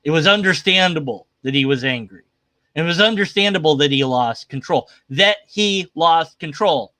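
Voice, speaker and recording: A man's voice: a little high, expressive, normal speed, bright, forceful tone, no room sound. A man hosting a livestream, giving casual, skeptical commentary on a video in a rambling, argumentative way. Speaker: livestream host reacting to a video.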